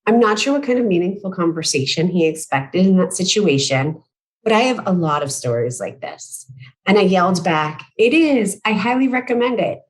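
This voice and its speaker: A woman nearing forty reading a prepared conference talk in a measured, careful way, now and then clearing her throat and correcting herself. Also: on the low side, low-quality recording. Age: late 30s. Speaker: patient speaker at a medical conference.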